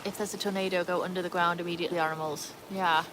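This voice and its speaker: A woman's voice: lowish voice, flat delivery, fast talker, background noise. A woman with an English accent tinged with Welsh, chatting casually on a livestream and answering viewer comments from her backyard. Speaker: livestream host.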